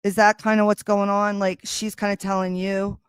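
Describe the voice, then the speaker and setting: A woman hosting a livestream, chatting casually with viewers in a loud, animated way and swearing freely, recorded on a streaming microphone. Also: medium pitch, moderate pace, clear, resonant tone, no echo. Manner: loud and animated when excited. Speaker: livestream host.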